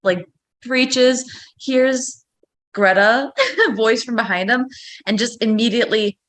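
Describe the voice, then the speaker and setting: Woman player, slow and halting, slightly high, giggly. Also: a bit bright. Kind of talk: casual tabletop play.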